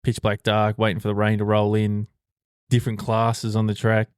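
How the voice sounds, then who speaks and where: A man's voice: fairly low pitch, completely flat delivery, normal speed, clean tone, dry recording, clean studio sound. A man co-hosting a podcast in casual chat, swearing freely and laughing often. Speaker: podcast co-host.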